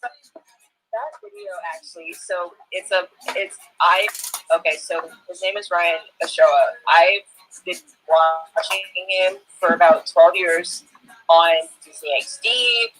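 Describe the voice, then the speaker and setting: A young woman, a guest in a casual chat, talking in an excitable, gushing way. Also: on the low side, slow, poor audio. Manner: excitable, gushing, many "like" fillers.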